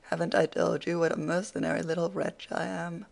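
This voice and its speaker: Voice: mid-range voice, little pitch movement, brisk, creaky. An audiobook reader voicing a spirited, teasing young woman who scolds her father playfully.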